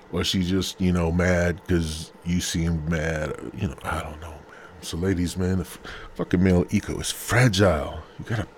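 Low-voiced man, rambling profane podcast talk. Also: lively intonation, normal speed, darkish tone, a little hiss or hum. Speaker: podcast host. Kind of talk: casual podcast monologue. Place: in bed at home.

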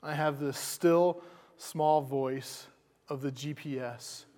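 A man's voice: fairly high pitch, steady tone, takes it slowly, darkish tone, long reverb tail. A man preaching a sermon as pastor, conversational, repeating words as he goes.

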